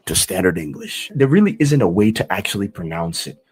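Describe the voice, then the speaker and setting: A man with a Nigerian Igbo accent teaching a language lesson, slowly repeating example phrases. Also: low voice, sing-song, husky. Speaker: online language instructor. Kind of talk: explanatory lesson.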